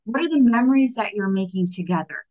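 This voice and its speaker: A woman's voice: medium pitch, animated, quick pace, a little mellow. A young adult woman hosting a faith-based motivational talk, chatty and informal, full of "like" fillers and acted-out bits of dialogue. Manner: conversational, many "like" fillers, acts out little dialogues. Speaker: podcast host.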